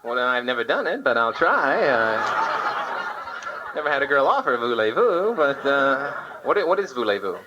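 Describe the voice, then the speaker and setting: A man's voice: medium pitch, big pitch swings, a little slow, highs cut off. A man doing a live stand-up set, firing off topical political one-liners and slipping into short sung bits. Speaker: stand-up comedian. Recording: old live club tape with loud hiss. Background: audience laughter.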